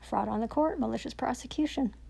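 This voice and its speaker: A woman's voice: on the high side, fairly quick, gravelly, mellow, husky. A woman, ranting angrily and profanely into her own recording, sarcastic and accusing. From Canada. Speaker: self-recording vlogger. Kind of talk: angry rant to camera.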